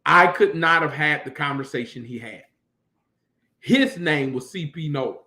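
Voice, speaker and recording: A man's voice: fairly high pitch, a little slow, pushed and bright. A man preaching a sermon as pastor, building emphasis with repeated phrases. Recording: echoey room.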